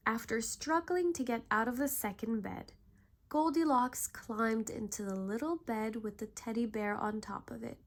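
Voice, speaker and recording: A woman narrating a bedtime story in a calm, gentle way. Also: fairly high pitch, moderate pace.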